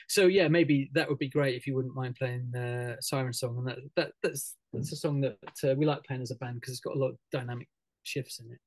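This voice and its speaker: Halting, chatty male musician. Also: medium pitch, a little mellow, no echo, low-quality recording. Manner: halting, many fillers and restarts, laughs often. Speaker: musician guest. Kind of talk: casual radio interview over a video call.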